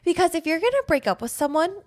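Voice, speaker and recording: A woman's voice: very high voice, sing-song, fast talker. A woman co-hosting a podcast in casual chat, sounding congested and reacting bluntly and dramatically. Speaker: podcast co-host.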